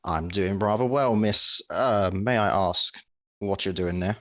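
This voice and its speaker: A man's voice: low-pitched, measured pace, a bit bright, dry recording, clean studio sound. A man voicing a polite, genteel male recruiter who speaks formally and calls her miss.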